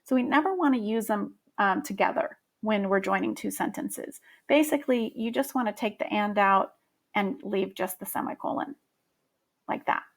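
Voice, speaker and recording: A woman's voice: medium pitch, normal speed, creaky. A woman explaining grammar to middle schoolers in a friendly way, with frequent ums. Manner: friendly and explanatory, with many fillers. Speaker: teacher. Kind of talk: grammar lesson.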